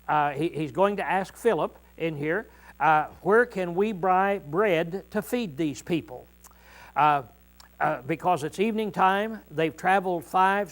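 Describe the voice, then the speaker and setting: A middle-aged male preacher teaching a congregation in a folksy, conversational way, often clearing his throat and pausing with "uh". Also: fairly high pitch, low-quality recording. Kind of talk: informal Bible teaching to a congregation.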